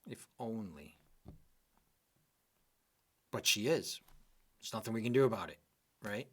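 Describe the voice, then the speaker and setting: A man's voice: mid-range voice, fairly bright tone. Male English exam teacher, live online class, patient explainer, keeps checking in with students. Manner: explains patiently, often checks with "okay?" and "right?".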